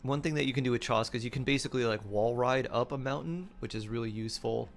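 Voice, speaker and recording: A man's voice: medium pitch, fast talker. A man streaming a game, chatting casually, laughing often and reading his chat aloud. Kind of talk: casual gameplay commentary. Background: faint game music.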